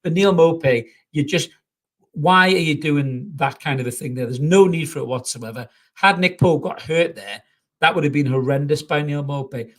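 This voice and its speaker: A man's voice: on the high side, moderate pace. A man hosting a live football reaction show, talking bluntly and passionately, swearing freely and reading out viewer comments. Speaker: football fan channel host.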